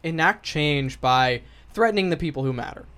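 A man's voice: fairly high pitch, expressive, normal speed, fairly bright tone, clean tone. A man co-hosting a casual podcast, trading sarcastic, mock-indignant quips. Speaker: podcast co-host. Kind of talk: casual political chat.

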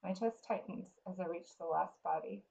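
A woman reading a fantasy novel aloud in the first person, in an earnest, unhurried way. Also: on the low side, creaky, a little mellow, highs cut off. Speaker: reader.

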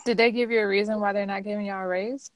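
A woman hosting a podcast, in a relaxed, chatty conversational manner. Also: medium pitch, quick pace, no echo. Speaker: podcast host. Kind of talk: casual chat.

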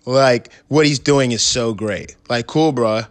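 A man in casual chat, telling a long story in animated slang and laughing often. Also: mid-range voice, a little slow.

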